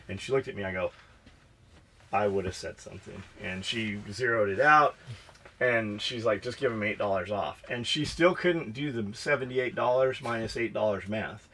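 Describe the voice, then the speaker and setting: Man, podcast co-host, casual storytelling, profane, animated, mid-pitched voice. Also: normal speed, breathy edge. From United States.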